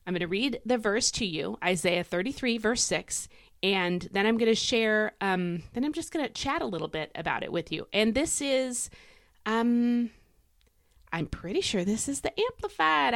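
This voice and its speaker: A woman hosting a devotional podcast, chatty and emphatic, swinging her pitch up and down to stress words. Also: gravelly, no echo, studio quality. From United States. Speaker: podcast host.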